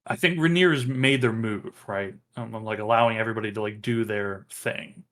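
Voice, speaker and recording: A man running a tabletop game as game master, talking haltingly with many fillers. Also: lowish voice, a bit bright. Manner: halting, many ums and uhs.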